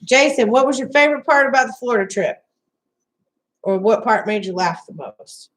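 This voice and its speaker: A woman's voice: fairly high pitch, expressive, moderate pace, fairly bright tone, poor audio. A woman co-hosting a casual live stream, teasing her partner and reading out viewers' comments. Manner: teasing, reads out chat.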